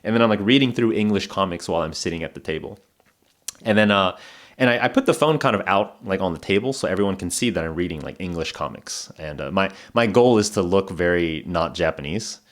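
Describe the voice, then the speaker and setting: A man's voice: deep voice, expressive, fast. A man hosting a podcast, telling a casual story in a rambling way, full of fillers and restarts, and laughing now and then. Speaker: podcast host.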